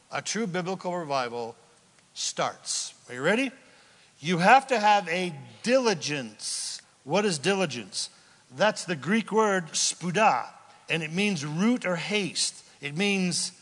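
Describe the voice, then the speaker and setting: A man preaching a sermon as a pastor, impassioned, swinging from shouts down to a hush. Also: a little high, animated, unhurried, big-room sound.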